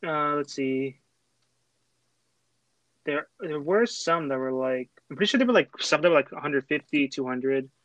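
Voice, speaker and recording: A young man with a fairly high voice tells a long story in casual chat, and he keeps stumbling over fillers and restarts. He sounds close and dry, with no room around him. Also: lively intonation, moderate pace, long pauses, a bit bright, no room sound, rough recording. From Texas. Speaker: host.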